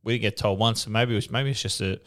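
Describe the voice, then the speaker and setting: A man's voice: fairly low pitch, steady tone, fast talker, fairly bright tone. An Australian man in casual radio chat, laid-back and joking.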